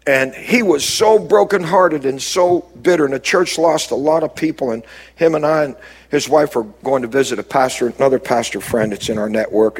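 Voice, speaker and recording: A male pastor delivers a sermon in a slightly high, husky voice. He swings between loud, rising calls and quiet, low passages, stopping to ask the congregation for an answer. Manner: preaching with sudden rises and drops, calls to the crowd.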